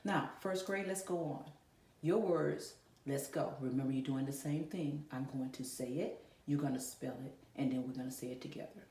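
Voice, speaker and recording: A woman's voice: extremely low pitch, normal speed, warm tone. A woman teacher giving a virtual lesson to kindergarten and first graders, encouraging them and asking them questions. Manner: encouraging, talks directly to children with questions. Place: classroom. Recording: echoey room, voice a bit far from mic.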